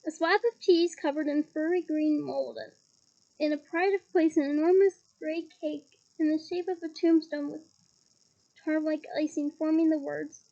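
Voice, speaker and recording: A woman's voice: high-pitched, fairly even intonation, moderate pace, creaky, warm tone. A woman with a Scottish accent reading a novel aloud expressively, with disgusted asides. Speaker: audiobook reader. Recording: dull lo-fi recording.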